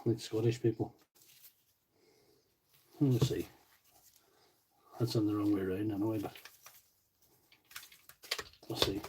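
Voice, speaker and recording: A man from County Tyrone, Northern Ireland, with a lowish, warm voice and a steady tone, talks slowly with frequent pauses. He chats casually on a tool repair livestream, joking, rambling, and answering viewer comments as he works. The audio is poor, with slight background noise.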